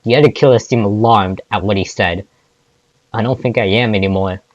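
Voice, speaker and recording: A man's voice: lowish voice, moderate pace, dry recording, highs cut off. A man reading fan fiction aloud, often stumbling and restarting words. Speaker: fanfic reader.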